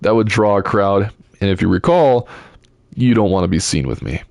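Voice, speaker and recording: A man's voice: fairly low pitch, moderate pace, vocal fry, darkish tone, no room sound. Man reading as a drawling haughty duke. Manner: drawling, dry and superior. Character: haughty young duke, dry and rakish.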